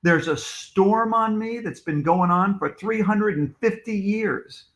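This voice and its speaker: A man's voice: high-pitched, slow pace, highs cut off, voice pushed up. A man voicing a boastful young schoolboy in a storybook, in a brash manner. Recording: echoey room.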